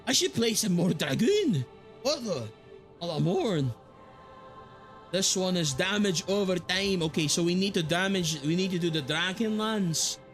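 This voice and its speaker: A man from the Philippines streaming a game live, chatting casually with his viewers and excitedly reading game text aloud. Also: high voice, a little slow. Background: game music.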